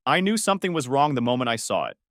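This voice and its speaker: A man voicing a heartbroken middle-aged father who speaks low, subdued and grave. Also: big pitch swings, quick pace, fairly bright tone, no room sound, clean studio sound. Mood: grieved.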